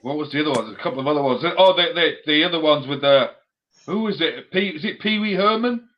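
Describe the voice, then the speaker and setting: A man's voice: fairly high pitch, animated, fast. A man in a casual podcast chat, eager and chiming in often. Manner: eager, chiming in, laughing along. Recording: dull lo-fi audio.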